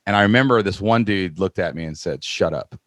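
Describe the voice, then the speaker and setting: A man's voice: low voice, fast, no room sound, studio quality. A man hosting a podcast, telling stories in casual chat and acting out quotes. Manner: animated storyteller, acts out quotes. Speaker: podcast host.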